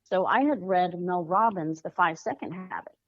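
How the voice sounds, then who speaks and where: A woman, a children's author, speaking earnestly as a podcast guest and often pausing to find her words. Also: lowish voice, no echo, muffled recording. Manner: earnest, searching for words with fillers. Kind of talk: podcast interview.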